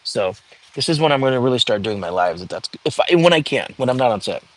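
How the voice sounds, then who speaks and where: A man's voice: medium pitch, sing-song, fast talker. A young man hosting a casual livestream, reading viewer comments aloud and chatting back in an easygoing way. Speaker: livestream host. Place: home.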